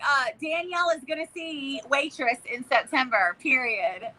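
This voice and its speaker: A woman's voice: high voice, moderate pace, over a noisy crowd. A woman co-hosting a casual live chat, an actor who talks animatedly and teases her co-host. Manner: animated, teasing, performs voices for others. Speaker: actor auditioning.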